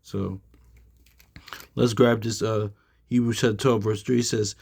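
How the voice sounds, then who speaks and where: This Bible teacher's voice is lowish, husky and darkish, with vocal fry and a level tone at normal speed. Sounding tired, he gives a rambling, filler-heavy study talk and reads passages of scripture aloud.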